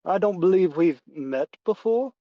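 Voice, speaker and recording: A man's voice: sits high, animated, unhurried, dry recording, muffled recording, pitched above the performer's own voice. A man voicing a polite, hesitant young man in a tabletop game.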